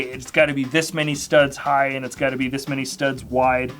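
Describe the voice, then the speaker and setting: A man's voice: a little high, fairly bright tone. A man hosting a live building stream, chatting casually and rambling as he corrects himself. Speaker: livestream host. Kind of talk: casual live unboxing chat.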